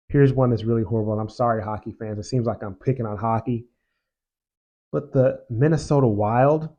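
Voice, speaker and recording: An opinionated man talks through his picks in a casual, emphatic host style, often repeating himself to drive a point home. His voice sits at an ordinary pitch for a man. The audio is a bit muffled and lo-fi. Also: a little mellow. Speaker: show host.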